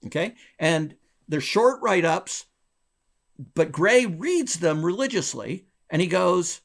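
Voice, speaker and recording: A man being interviewed, a former bank regulator telling a long story in a lively, chuckling way with wide swings in his voice. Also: slow pace, vocal fry. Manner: animated, wide pitch swings, chuckles between phrases.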